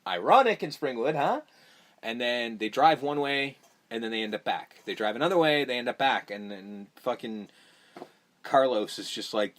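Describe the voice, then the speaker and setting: Male podcast host, mid-pitched voice, loose and profane, retelling scenes with quick voiced-out quotes. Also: expressive, a bit bright. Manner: swears freely, acts out characters' lines. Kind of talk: casual movie recap chat.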